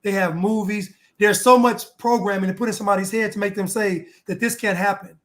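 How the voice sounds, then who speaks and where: A man's voice: high-pitched, steady tone, fairly quick, fairly bright tone. A man co-hosting a casual political talk show, heated and insistent, repeating his points. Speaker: co-host.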